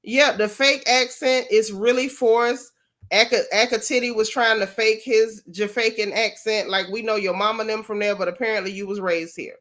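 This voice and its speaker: Florida lady spilling gossip, mocking and sarcastic, kinda high voice. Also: fairly even intonation, normal speed, a bit bright. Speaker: gossip vlog host. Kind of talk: casual gossip commentary.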